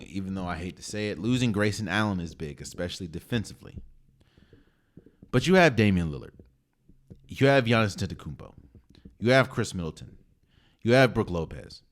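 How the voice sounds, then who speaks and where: Deep-voiced man giving emphatic sports takes. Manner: emphatic, ranking teams with conviction. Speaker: podcast host. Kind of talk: casual sports opinion monologue.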